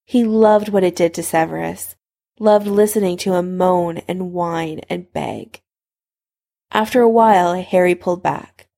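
Woman narrator with vocal fry. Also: on the low side, expressive, normal speed, a little mellow. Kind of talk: fan fiction reading.

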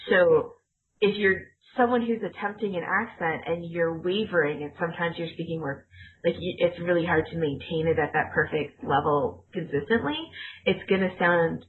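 A woman's voice: lowish voice, normal speed, a little hiss or hum. A woman co-hosting a casual chat, explaining points in a teacherly, rambling way with fillers. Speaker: podcast co-host, former ESL teacher. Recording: tinny phone-like line.

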